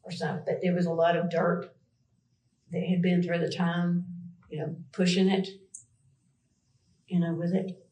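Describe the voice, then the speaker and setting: A woman's voice: lowish voice, little pitch movement, unhurried, long pauses, warm tone, reverberant, poor audio. A woman with a Southern US accent, answering questions in a police interview, rambling and hesitant with many fillers.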